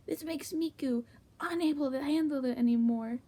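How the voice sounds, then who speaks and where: Woman, comedic fanfic reading, half-whispered, high gravelly voice. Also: normal speed. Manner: hushed, half-whispered delivery with sudden giggles and jumps in pitch. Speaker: fanfic reader.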